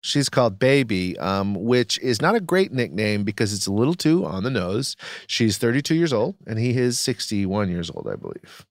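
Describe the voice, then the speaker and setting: A man co-hosting a podcast, riffing in a casual comedic chat with animated, mock-outraged rants. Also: lowish voice, moderate pace, no echo, studio quality. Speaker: podcast co-host.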